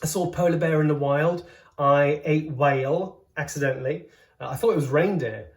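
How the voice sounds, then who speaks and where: A man hosting a casual cooking vlog from his home kitchen, joking around and exclaiming loudly as he tastes. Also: on the high side, moderate pace. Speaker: host, comedian cooking at home. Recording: roomy kitchen sound. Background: faint background music.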